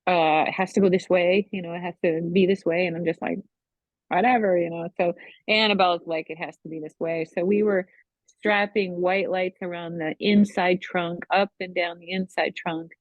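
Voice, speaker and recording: A middle-aged woman sharing a personal faith testimony at a Bible study, speaking in an emotional, halting way full of "you know". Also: lowish voice, fairly even intonation, dry recording. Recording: tinny phone-line sound, dry.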